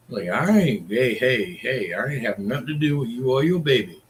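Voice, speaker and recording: A man's voice: mid-range voice, expressive, moderate pace, few pauses, slight background noise. A middle-aged man, ranting casually in a crude, profane, rambling way. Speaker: vlogger.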